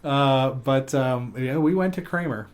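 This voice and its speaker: A man co-hosting a casual podcast, his voice sitting in an ordinary middle range. He tells stories in a loose, rambling way, full of fillers and quick restarts, and laughs at his own jokes as he goes. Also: medium pitch. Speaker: podcast host. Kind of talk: casual chat.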